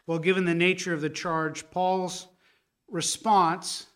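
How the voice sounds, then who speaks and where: A man preaching a sermon as pastor, earnest and building to a forceful rebuke, with frequent restarts. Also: high-pitched.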